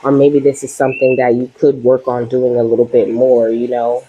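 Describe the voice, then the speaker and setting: A woman's voice: very deep voice, little pitch movement, moderate pace, breathy edge, dull audio. A woman giving a casual spiritual tarot reading to her viewers, chatty and reassuring, often tagging her lines with "okay?" and "you know?". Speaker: tarot reader.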